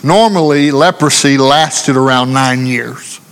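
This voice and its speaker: Slow, earnest preacher in a reverberant hall. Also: male voice, medium pitch, a bit bright, clear, resonant tone. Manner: earnest, repetitive, with rhetorical questions. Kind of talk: sermon.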